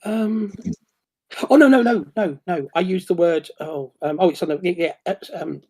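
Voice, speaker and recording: A man in casual chat, excitable and rambling, with many restarts and bursts of acted-out quotes. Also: high voice, normal speed, husky.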